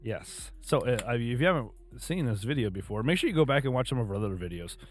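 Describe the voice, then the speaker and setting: A man's voice: medium pitch, sing-song, fast talker. A man co-hosting a casual beer podcast, joking and rambling, laughing often. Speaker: podcast co-host.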